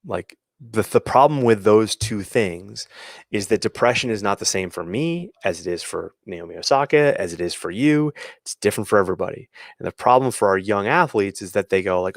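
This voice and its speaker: A man's voice: on the low side, normal speed, creaky, dry recording, clean studio sound. A man hosting a sports coaching show, giving emphatic opinions with many restarts and quoted asides. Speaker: podcast host and athletic coach. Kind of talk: opinionated solo commentary.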